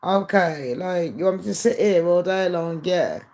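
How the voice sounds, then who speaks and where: A woman's voice: fairly low pitch, measured pace, a little mellow. A woman talking straight to her viewers in a candid, aggrieved monologue. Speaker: YouTuber. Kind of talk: casual monologue to camera.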